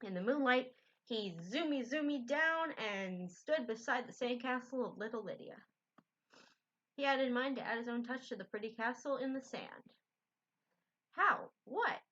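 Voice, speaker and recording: Brief: woman storybook reader, gentle and casual, fairly high, bright, dull lo-fi audio. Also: moderate pace. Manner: gentle, unpolished, self-correcting. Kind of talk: reading a children's book aloud. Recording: dull lo-fi recording.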